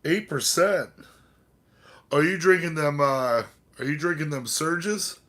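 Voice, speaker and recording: This livestream host has a slightly high, fairly bright voice and a slow pace. A bit tipsy from drinking, he rambles and curses while chatting with viewers and addressing his cats.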